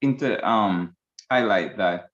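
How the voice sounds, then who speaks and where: A man with a fairly low voice co-hosts a casual chat, mostly chiming in with short affirmations. The room sounds echoey, and the recording is a little dull. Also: takes it slowly, fairly bright tone. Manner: brief affirming interjections.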